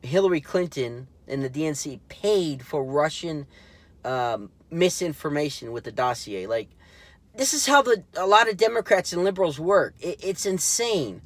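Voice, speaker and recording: A man with a somewhat high voice hosts his own commentary show and rambles through it. He fills his sentences with ums and uhs, restarts them, and sounds indignant and mocking. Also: very animated, moderate pace. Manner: rambling, full of fillers and restarts. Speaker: political commentary show host. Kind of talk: casual solo commentary.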